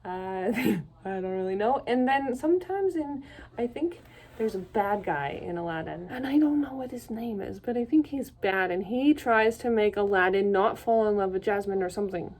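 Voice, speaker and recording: A woman's voice: mid-range voice, lively intonation, moderate pace, a little mellow. A young adult woman from Canada talking to camera in a casual solo vlog, rambling and self-deprecating, laughing often. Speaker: vlogger.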